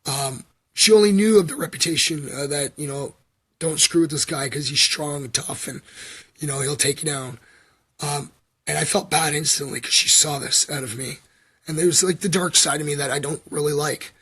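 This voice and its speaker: A man from Canada talks to his livestream viewers in a loose, meandering way, full of ums and likes. His voice is a bit husky and sits slightly high for a man. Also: normal speed, fairly bright tone. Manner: filler-heavy, meandering, frequent ums and likes. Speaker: livestream host. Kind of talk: rambling livestream storytelling.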